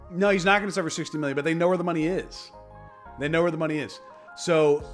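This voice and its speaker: A man's voice: a little high, fairly bright tone. A man streaming casually from his home office, telling a story in a profane, emphatic way. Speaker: crypto streamer. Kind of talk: casual livestream chat.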